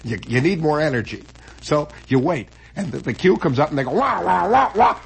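A man with a husky, rather high voice tells a comic backstage story. He swings from hushed asides to loud bits of mock performance, and his pitch jumps around freely. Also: lively intonation, a little fast, poor audio. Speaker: comedian telling a stage story.

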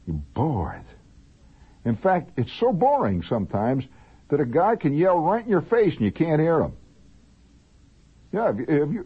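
A man's voice: medium pitch, husky. A man telling a long, digressive, humorous story in a rambling radio monologue. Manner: digressive, humorous, drawn-out asides. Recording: narrow lo-fi old radio recording.

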